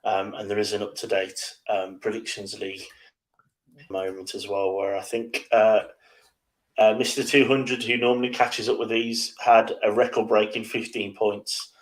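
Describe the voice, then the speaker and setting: A man co-hosting a casual football preview show, giving his predictions in a measured, slightly hesitant way. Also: on the low side, flat delivery, poor audio. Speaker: football podcast co-host.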